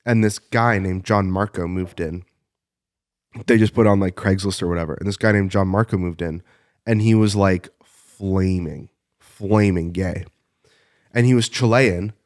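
A man's voice: sits low, dry recording, clean studio sound. A man co-hosting a casual podcast, asking eager follow-up questions and telling stories. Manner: curious, asks follow-up questions. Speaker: podcast co-host. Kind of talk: casual chat.

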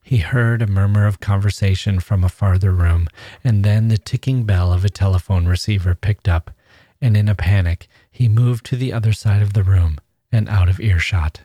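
A man, a podcast host, reading a classic short story aloud in a measured, even way. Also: lowish voice, slightly rough, no room sound.

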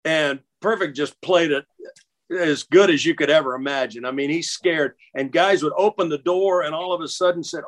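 A middle-aged man with a voice pitched a little above the usual, talking casually and reminiscing. He stumbles and restarts often and repeats words as he searches for the thread. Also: normal speed, a bit bright. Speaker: interview guest. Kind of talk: casual storytelling.

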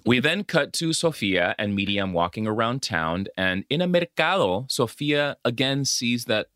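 A man's voice: mid-range voice, normal speed, dry recording, studio quality. A man co-hosting a podcast, recapping a film in a casual chat and mixing Spanish phrases into his English, with a Dominican-American accent. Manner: animated storytelling, switching between English and Spanish. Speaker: podcast co-host.

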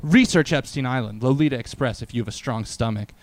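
A man's voice: mid-range voice, fast. A man co-hosting a casual podcast, reading a chain message aloud in a mock-dramatic way and bossing his co-host.

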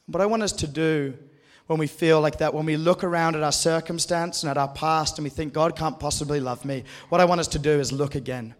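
A man preaching an earnest, conversational sermon with a fairly high voice. His words ring out with the long reverb of a large hall. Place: church hall with an audience. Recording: echoey hall.

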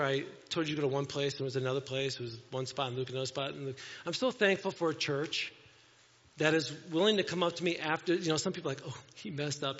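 A man's voice: a little high, fairly bright tone, muffled recording. Conversational man preaching in a reverberant church. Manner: conversational, self-deprecating preaching with scripture reading. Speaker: pastor. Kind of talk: sermon. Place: church sanctuary.

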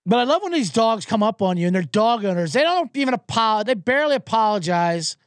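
A man hosting a sports show delivers a rambling, casual, profane monologue packed with animated impressions. He speaks briskly in a high voice, and there's no echo.

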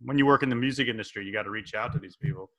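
A man's voice: fairly low pitch, rapid-fire, highs cut off. A middle-aged man hosting a casual comedic news podcast, playful and prone to slipping into exaggerated impressions. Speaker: podcast host.

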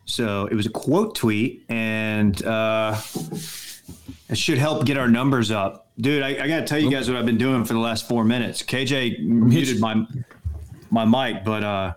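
A man's voice: mid-range voice, measured pace. Laid-back man telling a story. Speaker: podcast co-host. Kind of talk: casual chat.

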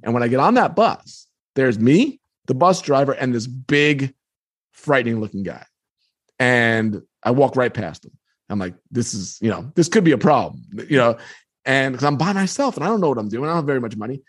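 A man in his fifties from the New York area, a guest author, telling a story in an animated way with frequent restarts. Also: mid-range voice, moderate pace, no room sound, clean studio sound. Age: 50s. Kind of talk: storytelling in conversation.

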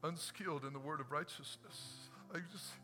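A man with a high, sharp, cutting voice preaches a sermon, dropping to a hush and then rising to a shout, hammering lines again and again. His voice carries a long church-hall reverb with faint music underneath. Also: normal speed. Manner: swings between hushed and shouted, repeats phrases for emphasis. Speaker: pastor. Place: church sanctuary.

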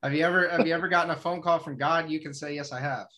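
An interviewer hosting a casual conversation, mostly chiming in with short affirming replies. The voice sits at a middle pitch. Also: steady tone, very fast, a bit bright. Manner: brief affirming responses. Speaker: interviewer, host.

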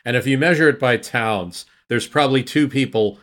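A man's voice: mid-range voice, moderate pace, a bit bright. A man, a guest podcast host, talking history in an enthusiastic, rambling way with frequent restarts. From United States. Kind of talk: casual history discussion.

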